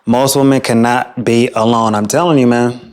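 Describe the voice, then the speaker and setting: A man's voice: medium pitch, fairly even intonation, moderate pace, a little mellow, clear, resonant tone. A man hosting a reaction video, ranting in a crude, scornful way about the clips he plays. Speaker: reaction host. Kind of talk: reaction commentary.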